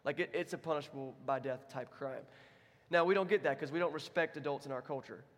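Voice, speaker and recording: A man's voice: a little high, fast, long reverb tail. A man preaching a sermon as pastor, in a conversational, self-deprecating way. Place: church.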